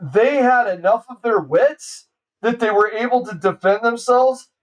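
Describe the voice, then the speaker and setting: A man streaming a casual movie reaction, excitable and saying "dude" constantly. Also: very high-pitched, measured pace, distant mic, poor audio.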